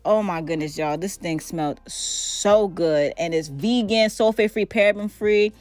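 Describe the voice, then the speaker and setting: A woman's voice: on the low side, moderate pace, darkish tone, soft background music. A woman hosting a casual hair product review vlog, playful and exclamatory, who repeats words for emphasis. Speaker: hair vlogger.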